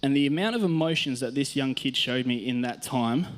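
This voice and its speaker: A man's voice: medium pitch, brisk. An Australian man, a youth worker, telling stories in a casual sermon on a church stage, chatty and self-mocking, laughing often.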